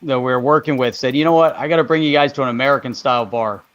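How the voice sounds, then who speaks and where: A man co-hosting a live online show, telling a travel story in a relaxed, easygoing way. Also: medium pitch, very fast, dry recording. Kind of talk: casual storytelling chat.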